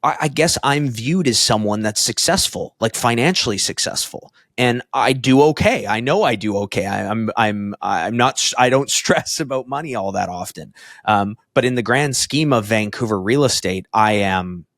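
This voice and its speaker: A man in his thirties co-hosting a podcast, telling rambling, excitable stories full of fillers and swearing. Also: on the low side, moderate pace, no room sound, studio quality. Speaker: podcast co-host. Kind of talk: casual chat.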